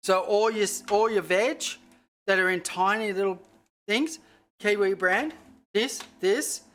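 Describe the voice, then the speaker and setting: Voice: medium pitch, a little slow, a bit bright. Rambling, swearing chef cooking live. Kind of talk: casual cooking livestream chat. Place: home kitchen.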